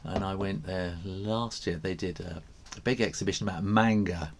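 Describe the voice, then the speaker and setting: A man's voice: deep voice, fairly even intonation, moderate pace. An English man hosting a live drawing stream, chatting casually, reading out viewer comments and laughing often. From England.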